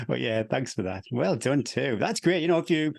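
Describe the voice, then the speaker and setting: A man's voice: medium pitch, animated, measured pace, gravelly, husky, dry recording. A man co-hosting a running podcast, chatty and easygoing, reading out listener messages and laughing often. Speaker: podcast co-host. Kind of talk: casual podcast chat.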